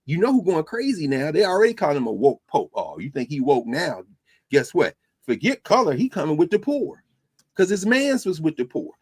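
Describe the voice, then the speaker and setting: A man hosting a podcast as a teacher, lecturing in a preacherly, animated way. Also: a little high, normal speed, breathy edge. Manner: preacherly, animated, mixing quotes and asides. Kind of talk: lecture-style commentary.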